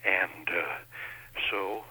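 A man's voice: low voice, very slow, pushed and bright, husky, low-quality recording. A man being interviewed as an impressionist, telling stories in a chatty, folksy way. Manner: chatty anecdotal storyteller, folksy. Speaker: impressionist guest. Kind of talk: interview chat.

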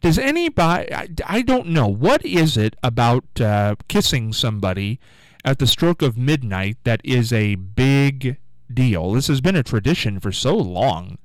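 A man's voice: medium pitch, sing-song, a little slow, no room sound, poor audio. A man hosting a call-in radio show, chatting in a rambling way and repeating the call-in number. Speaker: radio host. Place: radio studio.

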